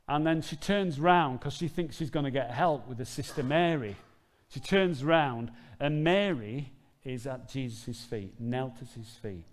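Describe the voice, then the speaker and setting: A pastor preaching in a church, his middle-pitched voice earnest and conversational as he tells stories to make his point. A long reverb from the large sanctuary follows each phrase. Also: unhurried. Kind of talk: sermon.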